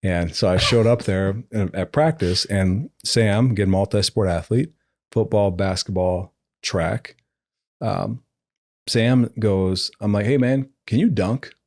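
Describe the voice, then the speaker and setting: A man in his forties, a football coach guest on a podcast, telling an animated story, acting out the dialogue and laughing as he goes. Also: lowish voice, slow pace, no echo. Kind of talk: conversational storytelling.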